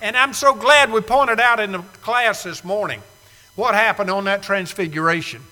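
Male preacher, high-pitched and very bright, emphatic, dramatic loud-to-hushed delivery. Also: moderate pace, in a large hall, rough recording. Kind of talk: sermon. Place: church sanctuary.

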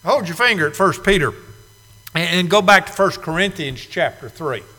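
A man preaching a sermon, emphatic, swinging between quiet asides and loud declarations. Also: high-pitched, expressive, moderate pace. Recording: long reverb of a large hall.

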